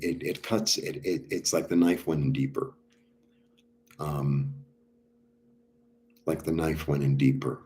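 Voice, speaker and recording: A man's voice: a bass voice, measured pace, darkish tone, a little hiss or hum. A man giving a casual, rambling spiritual talk about healing, with many fillers and restarts. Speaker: spiritual healer.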